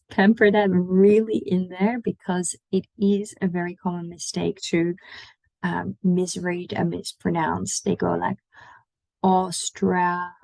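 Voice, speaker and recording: Gravelly woman teaching Dutch words slowly. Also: lowish voice, level tone, mellow, dry recording, poor audio. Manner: models Dutch words slowly and repeats them. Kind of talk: online language lesson.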